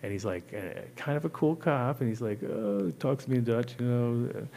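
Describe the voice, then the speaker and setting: A man's voice: medium pitch, fairly quick, warm tone, slight background noise. A man hosting a show, telling a long casual story full of swearing and acted-out quotes. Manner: rambling, profane, acts out voices in quotes. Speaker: host.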